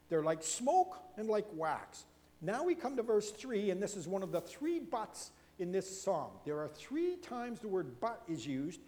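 A man from Canada preaching a sermon as a pastor, an animated storyteller who moves from loud emphasis to hushed asides. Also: sits high, long reverb tail.

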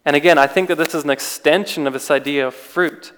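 A man's voice: fairly high pitch, steady tone, quick pace, a bit bright, smooth. Man preaching casually in a reverberant hall. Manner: conversational, with restarts and rhetorical questions. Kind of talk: informal sermon.

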